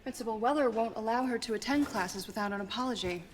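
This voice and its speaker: A woman's voice: on the high side, quick pace, long reverb tail, natural voice. An actress playing a firm, earnest middle-aged mother defending her daughter. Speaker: parent.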